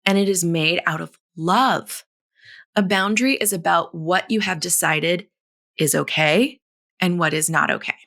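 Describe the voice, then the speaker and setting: A woman in her thirties hosting a solo podcast, coaching in a blunt, frank and animated way, swearing casually and laughing often. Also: deep voice, creaky. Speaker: podcast host.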